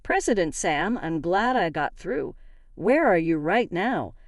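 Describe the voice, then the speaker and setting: A woman's voice: fairly low pitch, sing-song, unhurried, dry recording, studio quality. A woman voicing a worried male branch president who asks urgent questions. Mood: anxious.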